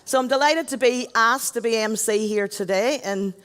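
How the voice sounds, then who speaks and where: A middle-aged woman with a Northern Irish accent MCs on stage at a large event, giving a chatty, joking talk and addressing the crowd. Her voice is fairly high, fairly bright and clean, at normal speed, with long hall reverb.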